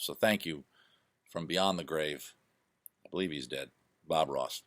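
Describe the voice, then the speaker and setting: A man's voice: a bass voice, unhurried, long pauses, fairly bright tone, dry recording, clean studio sound. A man chatting casually to camera at home through his laptop mic, rambling and joking at his own expense. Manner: rambling, self-deprecating, full of digressions. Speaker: vlogger. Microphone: laptop microphone.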